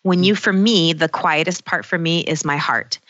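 A middle-aged woman coach speaking in an earnest, personal, reflective way, slowing down to stress her key points. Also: fairly low pitch, a bit bright, dry recording, muffled recording. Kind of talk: reflective self-help talk.

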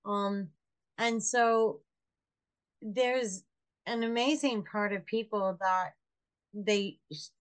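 A woman interviewer who asks her questions with slow, searching phrasing. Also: mid-range voice, smooth.

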